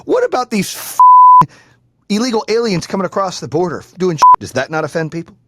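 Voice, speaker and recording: A man's voice: high-pitched, a little fast. A man hosting a podcast, telling stories in casual, profane chat and acting out the people he quotes. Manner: profane, animated, acts out quoted voices. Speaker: podcast host. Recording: loud background noise.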